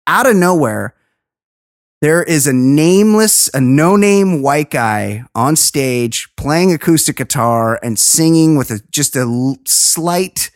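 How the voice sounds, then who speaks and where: On her casual podcast, a female host recaps a reality show with gossip, sarcasm and swearing. Her voice is low and expressive, and she speaks slowly. The sound is clean studio audio without any room sound.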